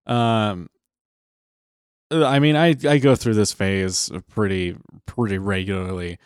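A man with a fairly low voice on a podcast, easygoing and quick to agree with short replies. He talks in a relaxed, casual way, and the close recording sounds dry. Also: clear, resonant tone, no echo. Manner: relaxed, brief agreeing replies, laughs along. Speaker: podcast co-host. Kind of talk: casual chat.

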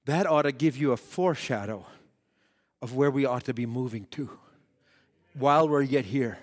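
A man preaching a sermon who swings between shouted peaks and hushed, drawn-out passages, telling stories with quoted voices. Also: medium pitch. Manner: dramatic storytelling with quoted voices.

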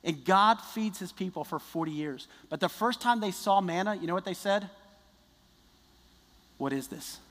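Male pastor, high voice, lively conversational sermon, long hall reverb. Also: moderate pace, hardly any pauses. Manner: conversational, animated preaching with restarts.

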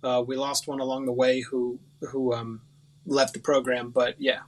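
A man's voice: mid-range voice, little pitch movement, moderate pace, a crowd in the background. A man in his thirties from West Virginia, telling stories about his acting past in a chatty, self-mocking way with many fillers. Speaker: podcast guest, actor. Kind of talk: casual interview chat.

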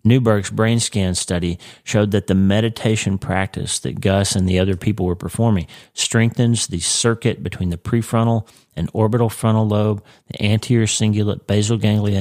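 Congested male teacher, very low voice, dry close sound, earnest and explanatory. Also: a little mellow, dry recording. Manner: earnest, explanatory, with occasional restarts. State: congested, with jaw pain. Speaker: Christian teacher of a weekly series. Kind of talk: conversational faith teaching.

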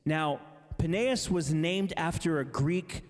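A man's voice: fairly high pitch, slow pace, big-room sound. A man preaching at a conference, casual and chatty, with self-deprecating asides. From Massachusetts, raised in Indianapolis. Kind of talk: conference sermon with storytelling.

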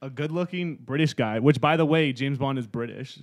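A man's voice: mid-range voice, normal speed. Joking sarcastic man podcast host. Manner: joking, laughs often, sarcastic. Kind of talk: casual chat.

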